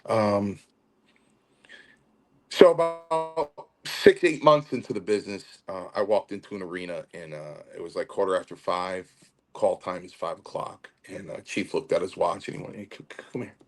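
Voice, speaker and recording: An older man, a former wrestler and a podcast guest, telling stories in a halting way with many fillers and restarts. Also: deep voice. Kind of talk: podcast interview storytelling.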